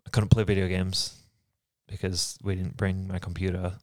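Deep-voiced reflective man. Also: level tone, dry recording, studio quality. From England. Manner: reflective, halting, soft-spoken. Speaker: podcast co-host. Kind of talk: candid personal conversation.

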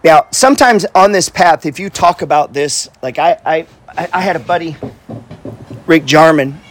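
A middle-aged real estate investor and coach gives a casual motivational talk, blunt and profane, repeating himself and constantly asking "right?" and saying "bro." His voice is fairly high at a normal speed, with slight background noise.

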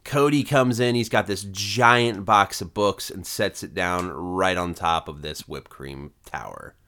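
A man's voice: deep voice, a little slow, pushed and bright. A man co-hosting a podcast, retelling a sitcom scene in casual chat with wry asides. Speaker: podcast co-host.

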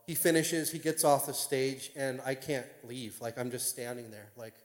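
A man, a pastor, tells a personal story to an audience in an excitable, rambling way full of fillers. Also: medium pitch, normal speed, hardly any pauses. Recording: long reverb of a large hall.

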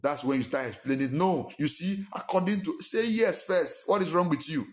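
A man's voice: fairly high pitch, expressive, normal speed. A man preaching a sermon as pastor, emphatic and full of rhetorical questions. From Nigeria. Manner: emphatic, fires rhetorical questions, acts out quarrels in a raised voice.

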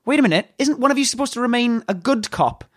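A woman's voice: a little high, animated, fast talker. A woman voicing Terence, an exasperated, blunt male suspect in a police interview. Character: grumpy male suspect under questioning.

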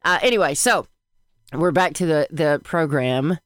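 Smooth-voiced Southern woman, rambling chat. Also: deep voice, measured pace. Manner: rambling, animated, swearing. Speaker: podcast co-host. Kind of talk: casual fan chat.

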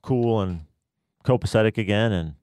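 A man speaking on a radio talk show in a relaxed, slangy way. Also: lowish voice, normal speed, clean tone, no room sound. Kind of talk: casual chat.

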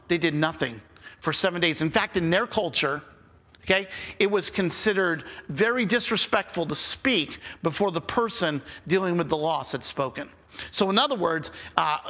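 High-pitched preacher guy, chatty sermon, keeps saying okay, big hall echo. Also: pushed and bright. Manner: conversational, repeating phrases and asking the audience "okay?". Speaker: pastor.

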